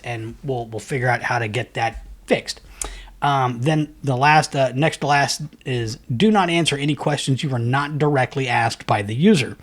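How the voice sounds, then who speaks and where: Guy rambling thru a software tutorial, lots of uh and you know, typing in the background. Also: mid-range voice. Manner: casual, rambling, many fillers and restarts. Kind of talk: screen-recorded software tutorial.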